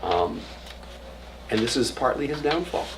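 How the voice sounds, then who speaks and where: A man's voice: mid-range voice, very animated, a little slow, creaky. A man teaching an adult class as rabbi, telling stories and jokes and acting out quotes, sometimes dropping to a whisper. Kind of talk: informal adult education lecture. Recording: distant mic with audible room noise.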